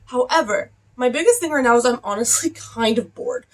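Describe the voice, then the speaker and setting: A woman's voice: a little high, expressive, brisk. A young adult woman chatting casually in a reading vlog, rambling along with lots of "like" fillers. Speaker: book vlogger.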